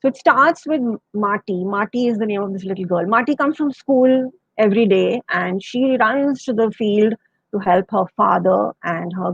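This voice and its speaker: A woman telling a children's story, retelling it gently in her own words. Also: mid-range voice, creaky, husky, dry recording, highs cut off. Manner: gentle, retelling with quoted voices. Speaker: storyteller guest.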